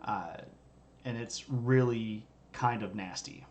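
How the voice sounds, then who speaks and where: A man with a lowish, darkish voice takes his time on a livestream from his streaming setup. He's a history streamer giving a casual, joking lecture and trading banter with viewers in chat.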